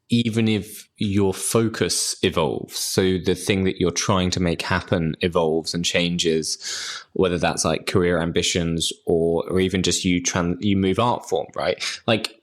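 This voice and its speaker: A man co-hosting a podcast who gushes emotionally about favourite film scores, sighing as he talks. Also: sits low. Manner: emotional, gushing, sighs. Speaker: podcast co-host. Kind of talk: casual podcast chat.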